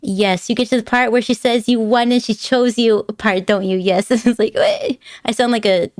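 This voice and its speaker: A woman's voice: fairly high pitch, steady tone, normal speed, dry recording, studio quality. A woman live streamer chatting casually with her viewers, rambling and giggly, laughing often and teasing her chat playfully.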